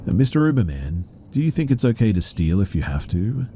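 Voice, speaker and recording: A man voicing an unhinged woman passenger in a horror story, eerily soft and sing-song. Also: fairly low pitch, sing-song, fairly quick, a little hiss or hum, pitched above the performer's own voice. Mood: wheedling.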